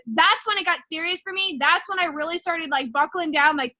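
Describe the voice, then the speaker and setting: A young woman with a high, bright voice tells her personal story. She rambles casually, full of filler words, recorded close and dry with no room sound. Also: quick pace, hardly any pauses, dry recording. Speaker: network marketing distributor.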